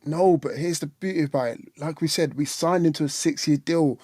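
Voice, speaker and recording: A man's voice: a little high, brisk, no echo. Blunt ranting man, dry sound. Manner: blunt, animated ranting with mocking impressions. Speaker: fan channel co-host. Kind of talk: casual livestream football chat.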